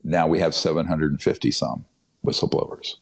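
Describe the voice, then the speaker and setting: A man's voice: a bass voice, fairly quick, gravelly. An older man giving a long interview answer, telling his story in an emphatic, conspiratorial way, often restarting his sentences with fillers. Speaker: podcast guest. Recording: dull, muffled podcast audio.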